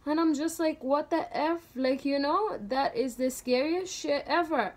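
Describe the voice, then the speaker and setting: A young woman vlogger casually telling a story, animated and slangy, with lots of "like" fillers. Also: high voice, measured pace.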